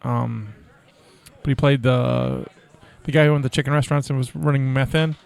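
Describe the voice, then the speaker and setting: A man's voice: mid-range voice, fairly even intonation, normal speed, creaky, a little mellow. A man in a casual podcast chat about movies, rambling and hesitant, with many fillers. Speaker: podcast host.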